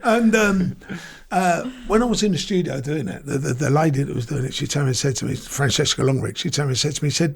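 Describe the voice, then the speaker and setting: A man's voice: a little high, brisk, gravelly, slightly rough. An older man, a guest telling stories in casual chat and laughing often. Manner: chatty storyteller, laughs often.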